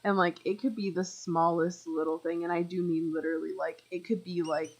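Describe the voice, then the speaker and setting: A woman's voice: lowish voice, little pitch movement, fairly quick, poor audio. A young woman live streaming a game, rambling chattily with lots of fillers and talking straight to her viewers. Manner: talks to chat viewers directly. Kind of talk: casual chat while playing.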